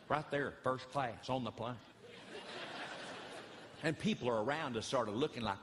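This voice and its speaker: A man, a comedian and pastor who tells animated, folksy stories and repeats phrases for effect. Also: medium pitch, moderate pace, slight background noise. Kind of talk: stand-up comedy storytelling. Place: large church hall before an audience. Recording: reverberant hall, live audience.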